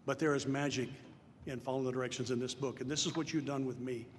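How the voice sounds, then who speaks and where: A man's voice: medium pitch, fairly even intonation, fast talker. Older man telling his story in a hall. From Nashville, Tennessee. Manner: earnest storyteller, rising to loud emphatic punches. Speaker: speaker at a recovery meeting. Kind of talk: personal testimony talk. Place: large hall before an audience. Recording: live hall with long reverb, faint noise.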